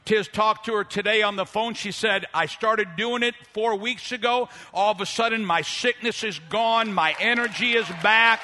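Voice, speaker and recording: High bright-voiced preaching pastor in a hall. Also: male voice, moderate pace, hardly any pauses. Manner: animated preaching, pitch and volume swinging widely, voicing people in his story. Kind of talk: sermon. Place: church hall. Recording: long reverb of a large hall.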